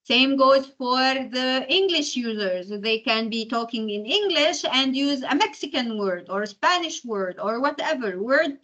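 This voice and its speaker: Bright-voiced lecturer. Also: female voice, high voice, lively intonation, measured pace, few pauses, rough recording. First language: Arabic. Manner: explanatory, keeps checking in with "okay?". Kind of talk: university lecture.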